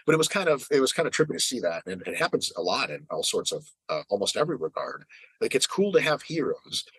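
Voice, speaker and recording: A man's voice: mid-range voice, very animated, fast talker, a bit bright, slightly rough, no echo, rough recording. A man hosting a podcast, talking casually and animatedly, swearing and mimicking other people's voices. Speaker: podcast host.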